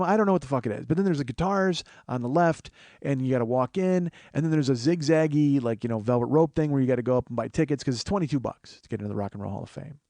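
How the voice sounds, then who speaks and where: A man in his forties recounts a story alone at the mic, wry and full of swearing. His voice sits at an ordinary middle pitch, and the sound is close and dry, with no room around it. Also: quick pace, mellow, dry recording. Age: 40s. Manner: profane, wry, acts out other people's voices. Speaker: podcast host. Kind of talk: solo storytelling monologue.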